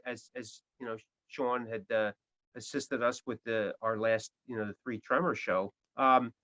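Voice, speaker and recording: A man's voice: mid-range voice, fairly bright tone. A man, a band's guitarist, talking casually in an interview, rambling with many restarts and fillers. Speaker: guitarist guest. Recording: dull lo-fi audio.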